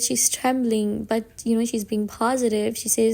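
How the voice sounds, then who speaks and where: A woman's voice: a little high, level tone, normal speed, creaky, a little mellow. A woman narrating a comic story recap in a casual, dramatic way, with emphatic stresses and frequent restarts.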